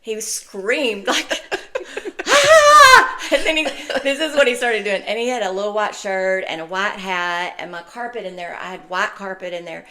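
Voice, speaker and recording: An older woman hosting a podcast, telling family stories in casual chat, laughing often and acting out quotes loudly. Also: medium pitch, normal speed. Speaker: podcast host.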